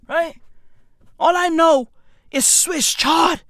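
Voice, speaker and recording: A man, delivering a profane comedic rant that swings between shouting and muttering. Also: very high-pitched, very animated, measured pace, dry recording, clean studio sound. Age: 30s.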